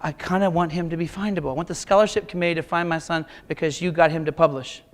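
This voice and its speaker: A man's voice: a little high, steady tone, fast. A man in his fifties, a teacher, giving a humorous keynote speech with wry, self-mocking stories and punchy short lines. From Kansas. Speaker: keynote speaker, art teacher.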